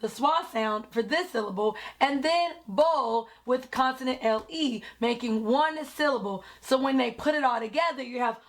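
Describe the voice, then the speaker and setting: Energetic high-voiced woman, encouraging teacher-vlogger delivery. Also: moderate pace, few pauses. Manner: energetic, encouraging, exclaims often. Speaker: teacher and reading coach. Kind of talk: upbeat educational vlog talk.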